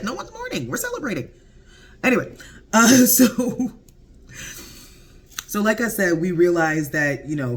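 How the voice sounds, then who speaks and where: Man, slightly high voice, casual show recap, animated. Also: a little hiss or hum. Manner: animated, laughing, acts out quotes. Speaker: show reviewer.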